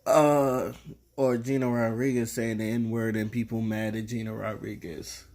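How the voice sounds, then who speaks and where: A young man sharing blunt opinions in a rambling, off-the-cuff vlog. He trips over his words and restarts often, and his voice climbs as he gets worked up. His pitch sits right in the middle of the range. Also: flat delivery, a little slow. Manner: rambling, restarts a lot, gets louder and more heated as he goes. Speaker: vlogger. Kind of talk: casual opinion monologue to camera.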